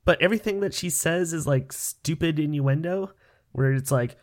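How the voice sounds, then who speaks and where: A man's voice: fairly high pitch, fairly quick. Sardonic man in casual chat. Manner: sardonic, swears freely. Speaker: podcast co-host.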